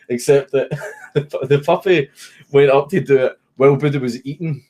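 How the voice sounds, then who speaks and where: A man's voice: medium pitch, normal speed, darkish tone. Swearing Scottish man telling stories. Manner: swears often, laughs through his stories. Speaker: streamer. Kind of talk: casual livestream chat. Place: home, at a computer, with a puppy. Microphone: desk microphone.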